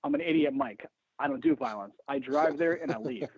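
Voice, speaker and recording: A man's voice: mid-range voice, a little fast, a little mellow, breathy edge, no echo. A man telling jokey, profane, rambling stories as a guest on a casual podcast. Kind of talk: casual chat. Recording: phone-line sound.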